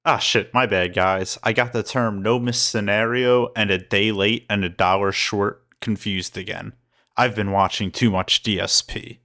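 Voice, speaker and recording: A man's voice: fairly low pitch, fairly even intonation, unhurried, pushed and bright. A man reading scripted voice-over commentary in a dry, sarcastic way. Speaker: commentary channel host.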